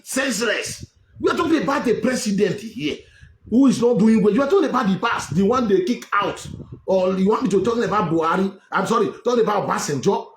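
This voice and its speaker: A man's voice: sits high, a little hiss or hum. A Nigerian man hosting an online political show, scolding his listeners and repeating himself as he argues. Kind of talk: heated political commentary. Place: home in Europe. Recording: echoey room with faint ambience.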